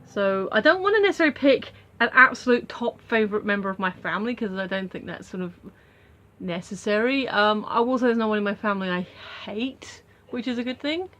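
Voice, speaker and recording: A woman's voice: medium pitch, lively intonation, a little fast, fairly bright tone. Rambling British woman vlogging. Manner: rambling with many ums and restarts. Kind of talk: casual chat to camera.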